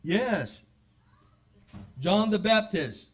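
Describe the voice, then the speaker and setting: A man preaching a sermon in a church, talking conversationally to his congregation and building to loud, fervent exclamations. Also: high-pitched, lively intonation, extremely slow. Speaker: pastor. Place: church sanctuary. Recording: dull lo-fi sermon recording.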